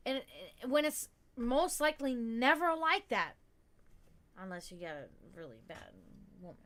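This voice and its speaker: A woman's voice: on the high side, lively intonation, unhurried, a bit bright. A woman hosting a casual livestream, talking candidly and rambling with lots of fillers and swearing. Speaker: livestream host.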